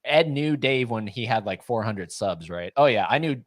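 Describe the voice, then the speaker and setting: A man co-hosting a casual livestream chat, talking quickly and laughing often. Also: medium pitch, expressive, no echo. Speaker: livestream co-host.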